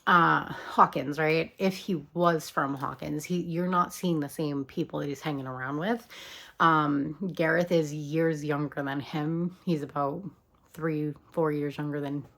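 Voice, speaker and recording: A woman's voice: sits low, fairly bright tone. A woman talking casually as a video commentator, chatty with lots of ums and likes and casual swearing.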